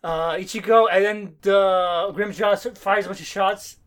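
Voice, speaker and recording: A man co-hosting a casual podcast chat, talking eagerly but haltingly with lots of "uh" fillers and restarts. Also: sits high, steady tone, fairly bright tone. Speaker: podcast co-host.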